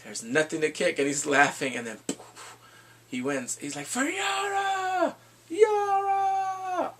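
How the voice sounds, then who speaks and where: A man casually recapping a TV episode in an excitable, rambling way, full of "like" and restarts. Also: medium pitch, moderate pace, slight background noise. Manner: excitable, rambling storytelling with frequent "like". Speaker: TV show reviewer.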